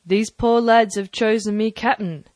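A woman's voice: mid-range voice, fairly even intonation, a little slow, darkish tone, dry recording, close to an everyday voice. A woman doing a cheery, wily old pirate. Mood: bargaining. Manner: hearty, smooth-talking, persuasive. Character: cunning one-legged male pirate captain, cheery and wheedling. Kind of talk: audiobook character voice.

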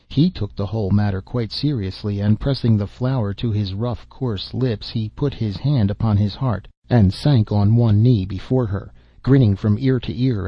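A man narrating a classic fairy tale in a measured, even reading. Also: lowish voice, breathy edge, dry recording. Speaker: audiobook narrator. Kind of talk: storybook narration. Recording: dull, dry lo-fi recording.

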